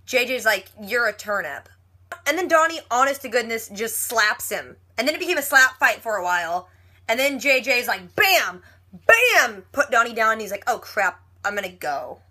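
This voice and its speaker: A woman giving a casual TV episode recap, chatty and retelling scenes with quick quoted lines. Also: a little high, lively intonation, bright, forceful tone. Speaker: TV recap vlogger.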